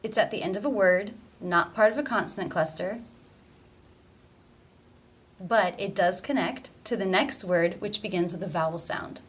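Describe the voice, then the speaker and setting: Female pronunciation teacher, mid-pitched, deliberate and clear in her demonstrations. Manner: slow, careful demonstration of sounds. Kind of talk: pronunciation lesson.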